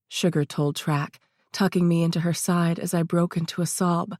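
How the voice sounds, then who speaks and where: A woman with a lowish voice reads a first-person audiobook at a steady, even pace. The recording is close and dry, with no room sound. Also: normal speed, no room sound. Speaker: audiobook narrator.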